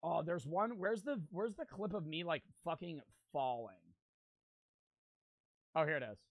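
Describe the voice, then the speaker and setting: A man's voice: fairly high pitch, a little slow, no echo. A young man in his twenties streaming, chatting casually and rambling, swearing often and filling his talk with "like". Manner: rambling, swears a lot, fills with "like".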